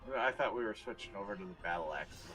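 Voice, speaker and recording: A man with a fairly low voice runs a tabletop game as its dungeon master. His pitch swings widely as he explains rules and narrates the action. Faint music plays behind him. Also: lively intonation, fast talker, pushed and bright. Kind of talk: running a tabletop game over voice chat.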